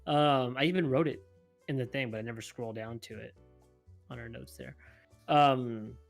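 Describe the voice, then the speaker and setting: A man's voice: medium pitch, normal speed, gravelly, soft background music. A man co-hosting an esports podcast, chiming in conversationally with his opinions on the news. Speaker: podcast co-host. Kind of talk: casual esports podcast chat.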